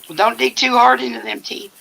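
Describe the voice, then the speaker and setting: A man's voice: very high-pitched, steady tone, brisk, creaky, pushed and bright, poor audio. An older man hosting a casual livestream from home, telling stories bluntly with swearing and laughter. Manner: blunt, profane storytelling with laughter. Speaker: livestream host. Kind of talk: casual chat.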